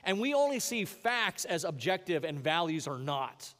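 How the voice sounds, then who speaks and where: A man's voice: on the high side, sing-song, moderate pace, a bit bright, in a large hall. A male pastor preaching a sermon in an earnest, conversational way, pressing his points with rising emphasis.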